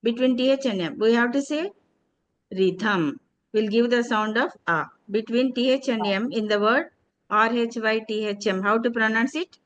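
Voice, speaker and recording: A woman with an Indian English accent teaching English pronunciation, saying each word slowly and repeating it for a student to echo. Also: fairly high pitch, fairly bright tone. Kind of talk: pronunciation drill lesson.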